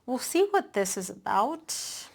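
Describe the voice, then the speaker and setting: A woman's voice: a little high, measured pace, gravelly. Chatty woman giving a tarot reading. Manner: chatty, animated, with many "like" and "um" fillers. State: a bit out of breath. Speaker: tarot reader. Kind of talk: casual tarot reading to camera.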